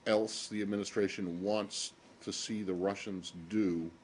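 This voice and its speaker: A man reporter in a press briefing room, asking questions in a halting, hesitant way. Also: lowish voice, fairly even intonation, a little mellow, slight background noise.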